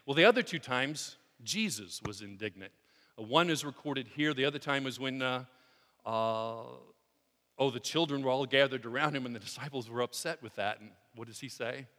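A male pastor preaching a sermon in an earnest, conversational way, often halting and restarting his sentences. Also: mid-range voice, pushed and bright. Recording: long hall reverb.

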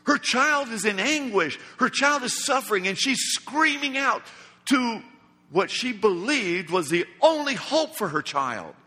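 With a high, bright, slightly husky voice, a male preacher gives a very animated sermon. He is emphatic, slow and dramatic, acting out every quote, while a long hall reverb rings around him.

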